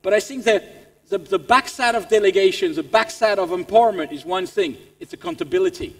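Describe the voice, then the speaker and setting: A man with a French accent giving an animated motivational business talk to staff. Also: high-pitched, fairly quick, vocal fry. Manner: animated, repeats words as he restarts. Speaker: keynote speaker. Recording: long reverb in a large hall.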